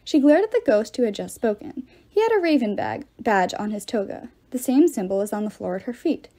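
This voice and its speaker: A woman reading a novel aloud, in an expressive storytelling manner. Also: a little high, brisk. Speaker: audiobook reader.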